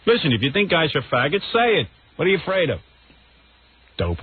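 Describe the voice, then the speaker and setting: A man's voice: fairly high pitch, huge pitch swings, brisk, husky. A man hosting a radio show, ranting in a brash, combative way. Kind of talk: radio rant. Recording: tinny phone-like radio recording.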